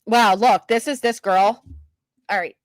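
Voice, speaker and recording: A woman's voice: mid-range voice, steady tone, unhurried, dry recording. An older woman hosting a true crime livestream, reacting casually to viewer comments and news clips with frequent fillers and restarts.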